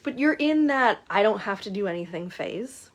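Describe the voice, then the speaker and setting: A middle-aged woman coach telling a client story in casual talk, acting out both sides of the dialogue with lively shifts. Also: mid-range voice, normal speed, lo-fi sound.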